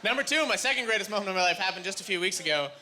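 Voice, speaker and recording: A man from Canada doing stand-up comedy, rambling through self-deprecating stories with quick asides, recorded live. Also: sits high, animated, very noisy. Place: comedy stage before a live audience. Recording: live club recording with loud crowd.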